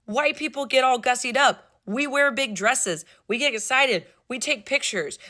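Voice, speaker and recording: A woman with a bright, tense voice delivers sarcastic commentary. She sounds irritated and lets the sarcasm carry her point. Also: mid-range voice. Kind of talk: social media commentary.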